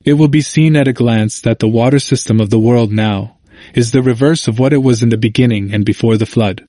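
A man reading scripture and a Bible commentary aloud, with slow, deliberate phrasing broken into short clauses. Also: medium pitch, warm tone, dry recording, studio quality.

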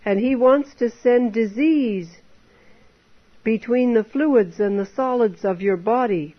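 A woman delivers a sermon in a fairly high voice, earnest and exhorting as she piles up rhetorical questions. The recording is dull and lo-fi. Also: takes it slowly. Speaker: preacher. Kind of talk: temperance sermon.

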